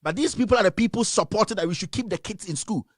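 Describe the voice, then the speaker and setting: Broadcasting a radio stream from home in the US, this Ghanaian host talks fast in a high, husky voice, repeating himself as he rages passionately about the news. The sound is studio quality with no echo.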